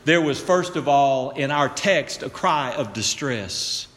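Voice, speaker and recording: A pastor preaching a slow, emphatic sermon, talking directly to the congregation and dropping to a low hushed voice for weight. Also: male voice, expressive, in a large hall.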